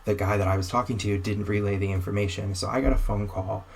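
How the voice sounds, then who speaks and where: Young male guest, low register, lively storyteller who voices the people in his tale, light hiss on the line. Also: quick pace, gravelly. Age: young adult. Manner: animated, acts out dialogue in quotes. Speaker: podcast guest. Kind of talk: casual storytelling.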